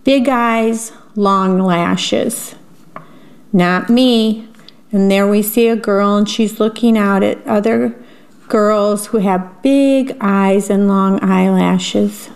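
A woman reading a picture book aloud to children, gently describing each picture as she goes. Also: mid-range voice, fairly even intonation, takes it slowly, creaky.

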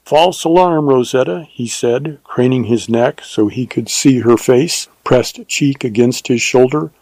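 A man reads a western novel aloud in a measured storytelling manner. His voice is mellow and dark with a husky edge. The close mic sounds dry and dead, with no room around it. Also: medium pitch, no echo, poor audio. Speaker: audiobook narrator. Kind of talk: scripted narration of a western novel.

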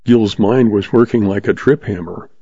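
A man reads a western novel aloud in a steady, measured way. His voice sits low and mellow, and the recording is dry and dull, like an older lo-fi audiobook. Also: husky, no room sound. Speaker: audiobook narrator. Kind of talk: scripted narration of a western novel.

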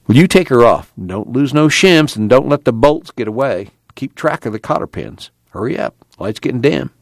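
A man doing a gruff, impatient tough guy. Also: mid-range voice, lively intonation, moderate pace, dry recording, voice pushed up, lightly acted. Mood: blunt. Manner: gruff, blunt scolding.

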